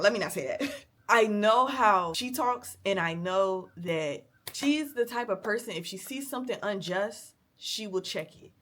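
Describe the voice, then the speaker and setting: A woman's voice: medium pitch, fairly bright tone. Young woman vlogger, candid emotional rant, cusses freely. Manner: blunt, profane, emotional venting.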